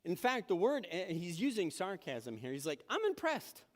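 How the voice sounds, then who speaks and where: Man preaching, storytelling, acting out quotes, high voice, long reverb. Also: big pitch swings, normal speed. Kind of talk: sermon. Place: church sanctuary.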